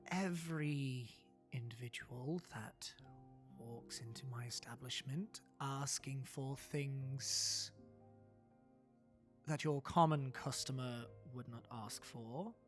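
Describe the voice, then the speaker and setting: A man's voice: medium pitch, soft background music, close to an everyday voice. A man voicing a formal, guarded alchemy shopkeeper. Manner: slow, formal, wordy speech. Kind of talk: tabletop role-play.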